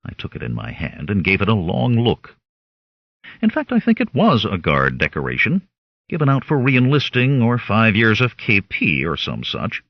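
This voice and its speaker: A man reading an audiobook in first person, wry and animated, his husky voice leaping widely in pitch. The recording is dry and a little muffled. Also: normal speed, no room sound. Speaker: audiobook narrator.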